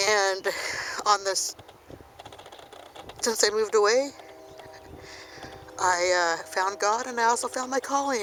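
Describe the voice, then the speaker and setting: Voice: medium pitch, pushed and bright, a little hiss or hum, low-quality recording. A speaker in their fifties, talking outdoors into a handheld camera in an earnest, preachy, rambling monologue. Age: 50s. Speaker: activist vlogger. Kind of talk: impassioned rambling monologue while filming. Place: outdoors by a river.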